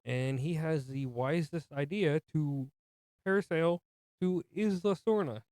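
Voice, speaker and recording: A man's voice: fairly high pitch, unhurried, darkish tone, no echo, studio quality. A man co-hosting a movie podcast, casually retelling the plot with jokey asides. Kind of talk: casual film recap chat.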